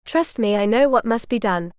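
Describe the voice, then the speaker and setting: A woman's voice: a little high, lively intonation, moderate pace, a little mellow, smooth, no echo, clean studio sound, natural voice. Woman voicing a firm medieval nobleman. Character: stern, devoted medieval nobleman, young man.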